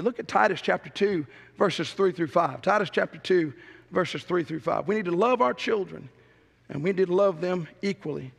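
A middle-aged pastor with a drawl preaches in an emphatic, storytelling way, driving his points home by repeating them. His voice sits high and carries a gravelly rasp, ringing out with a long reverb through a church sanctuary. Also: lively intonation, normal speed. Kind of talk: sermon.

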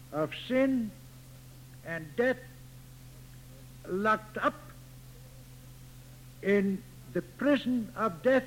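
A male pastor with a high-pitched voice delivers a sermon at a very slow, measured pace. He leans on repetition and pauses between short phrases. A faint hum sits under the recording. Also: expressive, rough recording. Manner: slow, deliberate preaching with emphatic repetition.

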